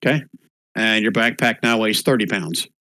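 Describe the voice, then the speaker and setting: A man running a tabletop game online as dungeon master, relaxed and thinking aloud as he rules. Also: lowish voice, moderate pace, no room sound.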